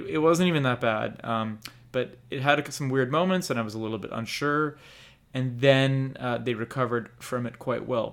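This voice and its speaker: A man's voice: mid-range voice, a bit bright. A young man co-hosting a casual podcast, rambling candidly and swearing now and then. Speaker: podcast co-host. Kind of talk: casual chat about anime.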